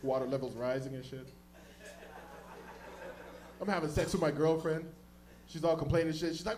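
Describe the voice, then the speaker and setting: A man from the Toronto area doing a stand-up comedy set on a club stage, telling stories loudly and jumping into high-pitched voices for other characters. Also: normal speed, long pauses, slight background noise. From Toronto area, Canada. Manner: loud, animated storytelling, jumps into high-pitched voices for characters.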